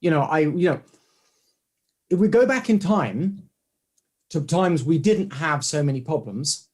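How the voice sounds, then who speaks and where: A man being interviewed, telling stories in a lively conversational way and acting out what other people said. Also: on the high side, unhurried, breathy edge. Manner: animated storytelling, acts out quoted voices. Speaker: guest, orthodontic clinician.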